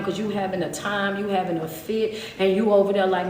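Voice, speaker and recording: A woman's voice: medium pitch, brisk, few pauses, a little hiss or hum. A woman, preaching fervently in a repetitive call-and-response style to a live chat. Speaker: motivational speaker. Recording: echoey room with long reverb.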